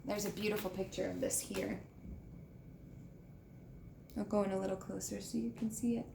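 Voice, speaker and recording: A woman reading a children's book aloud with gentle, expressive storytelling and showing the pictures. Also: mid-range voice, moderate pace, gravelly, noisy background. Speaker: reader. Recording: echoey room with faint ambience.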